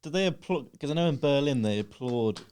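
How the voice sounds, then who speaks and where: A man's voice: mid-range voice, expressive, fairly quick, a little mellow, clean tone. Man asking short questions on a podcast. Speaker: podcast co-host. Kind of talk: casual podcast chat.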